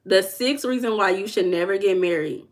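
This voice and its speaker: A woman with a Southern US accent hosting a casual livestream as a life coach. She reads viewers' comments aloud and teases them playfully, drawing words out for emphasis. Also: medium pitch. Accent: Southern US dialect. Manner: playful, teasing, drawls and slows for emphasis.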